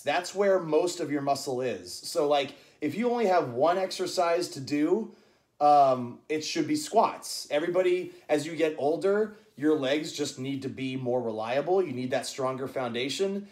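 A man's voice: on the high side, expressive, normal speed, darkish tone. A man leading a live-streamed home workout, chatting and counting reps aloud in a coaching manner. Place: indoors at home. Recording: echoey room.

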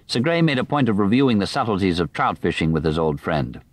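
This nonfiction audiobook is narrated by a man with a lowish voice who keeps his delivery even and measured. The studio capture is intimate and dry, and no room sound can be heard.

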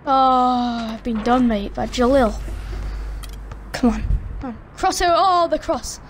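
A woman giving excited, chatty commentary on her own basketball video game match, hosting her gaming channel from a room at home. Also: high-pitched, a little slow, a little hiss or hum. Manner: excitable, chatty, cheers and groans at plays. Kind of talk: live gameplay commentary. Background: friends talking in the background.

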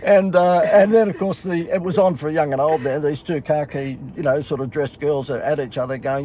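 A man's voice: fairly high pitch, fairly even intonation, moderate pace, hardly any pauses, mellow. A middle-aged Australian man casually telling a funny story in a sarcastic, self-mocking way. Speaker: host.

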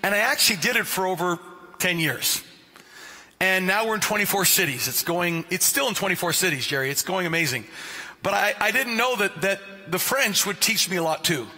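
Inside a church sanctuary with long reverb, a male pastor preaches with lively, joking stories, naming listeners as he goes. His voice is high, and he speaks at a normal speed.

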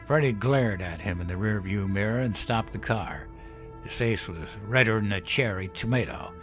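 A man doing a gruff, folksy old storyteller. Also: fairly low pitch, lively intonation, normal speed, fairly bright tone, faint music behind. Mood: gruff storytelling. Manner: folksy, profane, chuckling.

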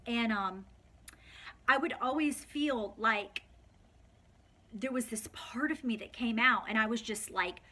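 A woman's voice: a little high, unhurried, long pauses, pushed and bright. Tearful woman sharing her story. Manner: tearful, heartfelt, filler-heavy. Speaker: vlogger. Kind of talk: emotional personal vlog.

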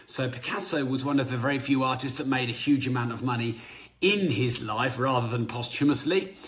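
A man's voice: medium pitch, a little fast. A man hosting a motivational business podcast, talking energetically and casually correcting himself. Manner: energetic, conversational, self-correcting. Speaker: podcast host.

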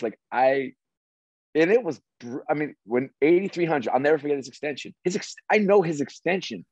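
A middle-aged man, a former sports executive, telling stories as an interview guest in an animated, restarting way. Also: mid-range voice, normal speed, dry recording. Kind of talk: casual interview storytelling. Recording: dry, slightly dull audio.

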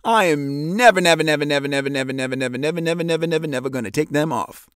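A man's voice: animated, a little slow, a bit bright, dry recording. A man doing an eager stubborn little girl. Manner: high, eager and insistent.

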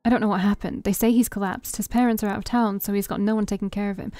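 A woman's voice: medium pitch, fairly even intonation, fast talker, warm tone, dry recording, close to an everyday voice. A woman voicing a flamboyant, doting rich woman with a gushing, theatrical manner, in a game read aloud. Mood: urgent. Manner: gushing, theatrical, calls people sweetheart.

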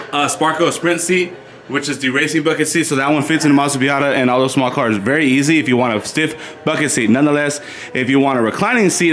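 A man's voice: medium pitch, fairly bright tone, a little hiss or hum. A man hosting a casual product walkthrough for a car parts shop, chatting loosely to viewers in a store. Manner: chatty, addresses viewers as "you guys".

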